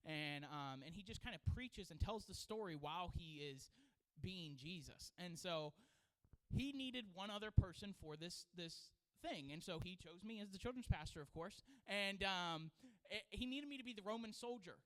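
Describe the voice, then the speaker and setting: Man, children's pastor, lively sermon storytelling, higher voice, church service. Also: moderate pace, poor audio. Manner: animated, laughing storyteller. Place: church sanctuary.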